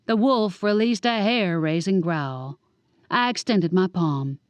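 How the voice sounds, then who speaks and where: A woman narrating a first-person audiobook with wry, lively storytelling. Her voice sits a bit low. The booth recording is close and dry, with no room sound. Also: takes it slowly, no room sound, dull audio. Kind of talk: scripted narration.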